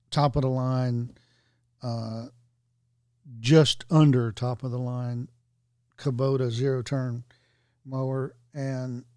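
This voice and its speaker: A man's voice: mid-range voice, darkish tone, no echo. A middle-aged man co-hosting a casual chat, matter-of-fact with dry wisecracks.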